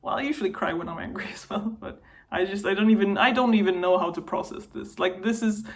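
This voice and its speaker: A woman's voice: medium pitch, fast talker. A young woman in a personal vlog, talking to camera while upset and venting, her voice wavering between anger and tears. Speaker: vlogger.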